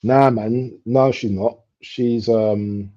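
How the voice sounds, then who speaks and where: A young man chatting casually while he streams a football match live. He talks in street slang and breaks into excited outbursts at near misses. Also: fairly low pitch, slow. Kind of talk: casual live commentary chat. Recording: dull lo-fi stream audio.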